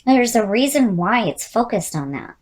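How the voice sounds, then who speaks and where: A woman giving a casual tarot reading who is losing her voice and sounds hoarse. She muses aloud, repeats key words and speaks straight to the viewer. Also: fairly high pitch, big pitch swings, moderate pace, darkish tone. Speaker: tarot reader.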